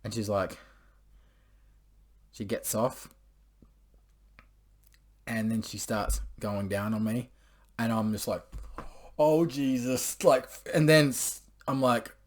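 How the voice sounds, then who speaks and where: A young man with a fairly low voice telling a personal story to camera. He rambles in a crude, offhand way, swearing freely and scattering filler words through every sentence. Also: flat delivery, slow pace, pauses often. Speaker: vlogger. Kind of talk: casual storytelling monologue.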